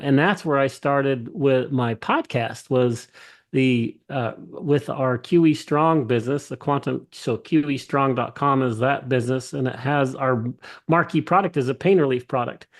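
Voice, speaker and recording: A man who runs a company, speaking as a podcast guest in a mid-pitched, ordinary voice. He tells his story with eager enthusiasm, often restarting his sentences. He acts out the dialogue of his anecdotes as he goes. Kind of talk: casual interview storytelling.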